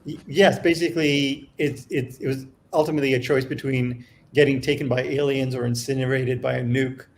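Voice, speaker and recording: A man's voice: medium pitch, steady tone, fairly quick, few pauses, slight background noise. A man, a TV series creator, chatting casually as a guest on a panel, with hesitant speech full of restarts and fillers.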